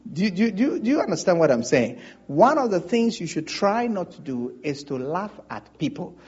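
Man, husky voice, high lively pitch, preaching, dull lo-fi sound. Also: brisk. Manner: animated preaching with audience call-and-response. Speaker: pastor. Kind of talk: sermon.

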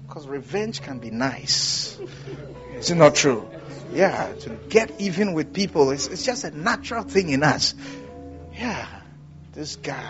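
A man from Ghana preaching a sermon, moving between loud declarations and quiet storytelling. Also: extremely high pitch. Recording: dull lo-fi sound with music behind.

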